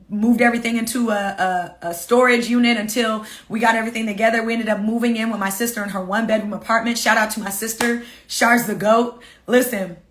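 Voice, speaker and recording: A woman author and coach telling viewers her own story in a casual, animated, emphatic way, swearing freely. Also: a little high.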